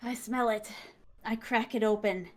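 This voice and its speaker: A woman guest telling a heartfelt, excitable story, acting out the people she quotes and laughing often. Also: a little high, a little slow. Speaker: interview guest, manga creator. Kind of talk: animated storytelling.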